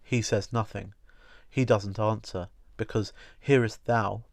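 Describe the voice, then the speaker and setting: Slow, low-voiced male reader. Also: steady tone, creaky, no echo. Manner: slow, meditative, repetitive cadence. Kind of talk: literary prose reading.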